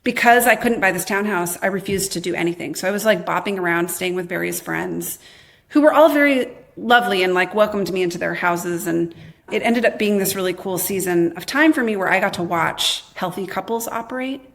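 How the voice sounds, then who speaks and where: A woman in her thirties, a podcast guest candidly telling her own life story, quoting her past self in lively bursts with a lot of "like". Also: on the low side, brisk, gravelly. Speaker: podcast guest, memoir author.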